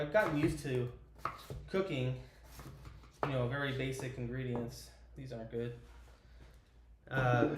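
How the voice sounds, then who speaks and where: A man's voice: on the high side, darkish tone. Chatty man livestreaming from an echoey kitchen. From Idaho. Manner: chatty and rambling, lots of "like" and fillers. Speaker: cooking livestreamer. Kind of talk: casual live-stream chat while cooking. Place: home kitchen with loud air conditioner. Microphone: camera mic, moving near and far. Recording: echoey kitchen with appliance noise.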